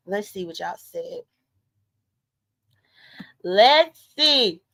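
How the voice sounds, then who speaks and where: A woman hosting a casual livestream, commenting on drama and reading viewer comments aloud, animated and talking straight to her audience. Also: medium pitch, very slow, low-quality recording. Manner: animated, talks straight to viewers, rhetorical questions. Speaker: YouTube commentary host.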